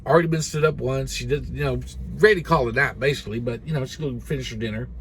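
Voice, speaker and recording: A man's voice: mid-range voice, fast, a bit bright, a little hiss or hum. A man retelling a story in casual, rambling speech, full of fillers like "you know" and "and everything.".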